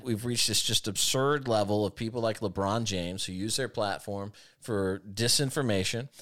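A man hosting a talk show, giving emphatic, argumentative commentary that swings between rushed and drawn-out phrasing. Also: medium pitch, fairly bright tone. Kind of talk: opinionated commentary chat.

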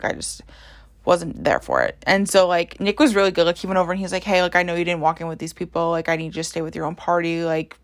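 A young woman hosting a podcast, telling a story casually with lots of "like" and "um" fillers. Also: fairly low pitch. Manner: chatty, heavy use of "like" and "um". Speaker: podcast host.

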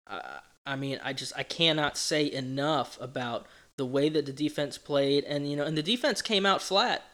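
A man's voice: on the high side, normal speed. A man co-hosting a sports talk show, chatting casually and playfully about stats. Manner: animated, playful, counts stats aloud. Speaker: sports podcast co-host.

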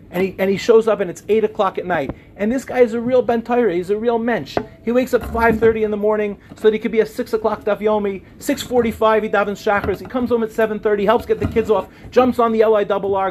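A man with a high voice tells a story about relationships to a live audience, with slight background noise. He speaks about relationships and voices quoted dialogue in softer tones as he narrates.

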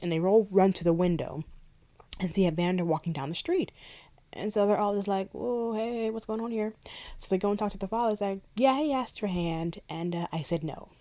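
A woman hosting a book review podcast, chatting animatedly as she retells a favorite scene and reads ad copy. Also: lowish voice. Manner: chatty, animated retelling with playful quoted asides. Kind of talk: casual book review with ad read and read-aloud passage.

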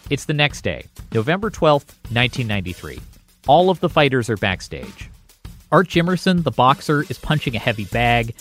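A man's voice: a little high, a bit bright. A man reporting and narrating a documentary podcast in a scripted, storytelling delivery.

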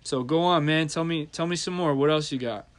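A man's voice: on the high side, a little fast. A man, hosting a podcast and telling a heated, profane story in casual talk. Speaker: podcast host.

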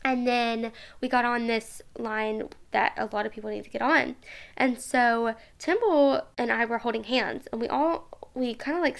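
A woman's voice: high voice, creaky. A young woman hosting a podcast, telling a personal story in a chatty way, with many fillers and frequent laughter. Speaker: podcast host. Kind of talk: casual storytelling monologue.

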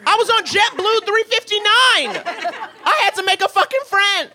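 A woman co-hosting a comedy podcast, telling a story in a sassy, animated way with laughing asides. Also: very high-pitched, normal speed, some chatter behind. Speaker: podcast co-host.

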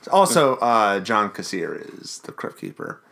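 A man from the Baltimore area co-hosting a podcast in casual, jokey, excitable chat. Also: fairly low pitch, a little slow, gravelly. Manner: jokey, excitable, self-mocking. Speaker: podcast co-host.

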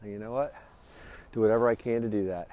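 On the low side and dark in tone, this man talks fast with fairly even intonation, and the recording is dry. He hosts his own vlog, walking outdoors a little out of breath while giving a rambling, upbeat motivational chat. He keeps repeating "you know what."

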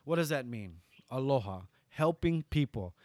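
A man with a Hawaiian accent, a guest in an interview, who tells stories animatedly and swings from loud bursts to soft asides. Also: mid-range voice, animated, moderate pace, no room sound. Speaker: guest entertainer. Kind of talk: storytelling interview.

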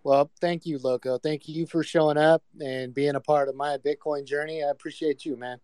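Guy hosting an online chat, kinda high smooth voice, cusses a lot, dry sound. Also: moderate pace, no echo. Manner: relaxed, profane, calls on each speaker. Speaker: host. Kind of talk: casual chat.

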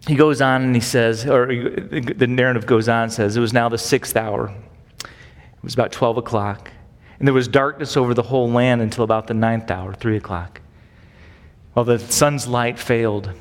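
A man's voice: mid-range voice, steady tone, normal speed. A man teaching through a Bible passage as a pastor, in a casual, conversational way, often checking in with rhetorical questions. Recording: long reverb.

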